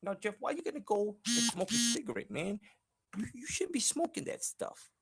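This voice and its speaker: A man hosting a comedy podcast, loud and upbeat as he signs off. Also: very high-pitched, expressive, moderate pace, gravelly, slightly rough, no echo. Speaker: host.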